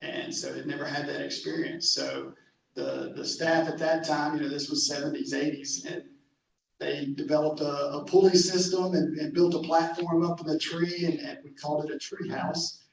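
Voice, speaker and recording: Man, camp director, gravelly voice, storytelling with restarts, echoey hall, distant mic. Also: fairly high pitch, flat delivery, moderate pace, slight background noise. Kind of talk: speaking to a club meeting.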